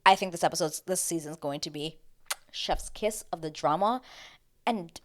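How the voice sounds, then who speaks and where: Lively low-pitched woman vlogger. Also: normal speed. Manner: animated, exclamatory, talks straight to viewers. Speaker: reality TV recap host. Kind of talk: casual recap vlog.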